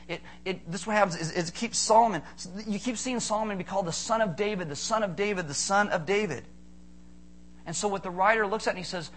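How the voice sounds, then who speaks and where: A pastor preaches a sermon in a high-pitched, fast voice, animated as he fires off rhetorical questions and makes playful asides to the congregation. There's slight background noise.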